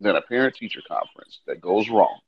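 A man co-hosting a podcast, telling loose, profane stories in casual chat and acting out lively retellings. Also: fairly low pitch, a little fast, dull audio, crowd noise. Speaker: podcast co-host.

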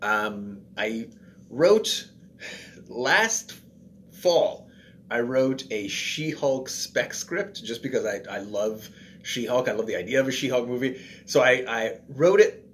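A man's voice: medium pitch, lively intonation, takes it slowly, a little hiss or hum. A male guest talking casually, rambling and self-deprecating, with many fillers and restarts. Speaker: guest, comedian and writer. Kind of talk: casual chat.

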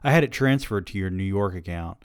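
A man reading aloud and voicing a brisk middle-aged female literary agent with an arch, dry, teasing manner. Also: deep voice, expressive, smooth, dry recording.

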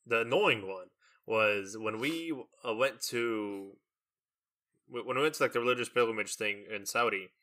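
A young man telling a long story in casual chat, animated and full of fillers, acting out the lines of the people in it. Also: on the low side, moderate pace. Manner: animated storytelling with many fillers and acted-out quotes.

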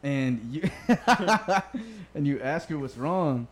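A man's voice: a little high, animated, drawn-out words. Laid-back cursing guy on a podcast. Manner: laid-back, swears a lot, laughs loudly. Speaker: podcast co-host. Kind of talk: casual podcast banter.

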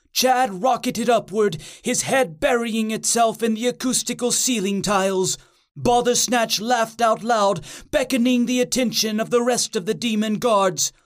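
A narrator reading a comic story in a dry, deadpan manner. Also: medium pitch. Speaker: audiobook narrator.

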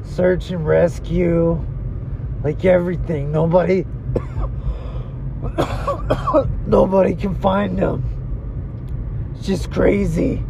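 A man's voice: high voice, very animated, extremely slow, gravelly, pauses often, background noise. A young man co-hosting a podcast, improvising a comedy sketch in a laid-back way, calling people dude and bro. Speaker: podcast co-host.

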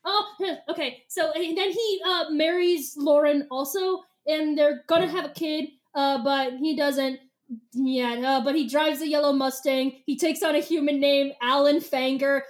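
A woman hosting a podcast, recapping a book in casual chat, animated, swearing and laughing often. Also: high voice, a little slow. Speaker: podcast host.

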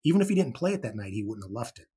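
Husky-voiced man telling a rock story. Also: medium pitch, racing. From Chicago, USA. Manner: animated, swears casually, restarts often. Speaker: podcast guest, rock musician. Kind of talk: anecdotal storytelling.

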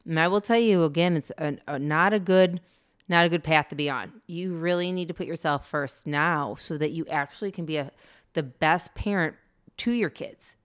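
A woman co-hosting a podcast, chatting casually and earnestly and laughing easily. Her voice sits a little low and sounds smooth and clear. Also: normal speed. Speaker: podcast co-host. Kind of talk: casual chat.

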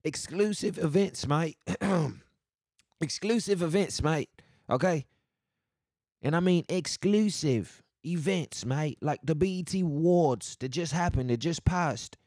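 A man putting on an exaggerated foreign accent, full of "mate", with a slow and over-emphatic delivery. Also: mid-range voice, dry recording, clean studio sound, natural voice. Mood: hamming.

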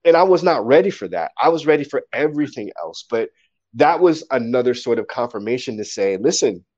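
A man, a poet, telling stories casually in an interview, animated and acting out quotes. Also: medium pitch, a little fast, lo-fi sound.

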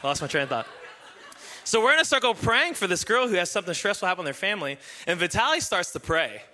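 A young man preaching a sermon, telling a story with jokes and slipping into excited impressions. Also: high voice, quick pace, slight background noise. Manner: animated, joking, breaks into excited impressions. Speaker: pastor.

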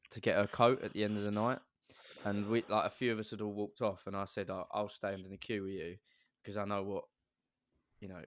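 A man's voice: lowish voice, no echo, studio quality. Man telling a rambling story. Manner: rambling, animated anecdote with quoted voices. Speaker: podcast co-host. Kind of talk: casual chat, storytelling.

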